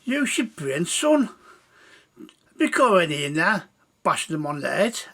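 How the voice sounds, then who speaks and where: Man doing a gruff sergeant, storytelling voice, high and barking, bossy. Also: sing-song, slow pace, pushed and bright, heavily acted. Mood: scolding. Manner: barking, scolding.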